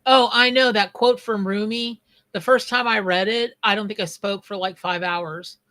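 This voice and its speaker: A woman doing a live tarot stream, talking casually and rambling as she reads cards. She keeps cutting into her own sentences to say hello to people in the chat. Her voice sits at an ordinary middle pitch. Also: steady tone, moderate pace, fairly bright tone. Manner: chatty, scattered, greets viewers mid-sentence. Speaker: tarot reader and psychic. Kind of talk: live-stream reading with chat shout-outs.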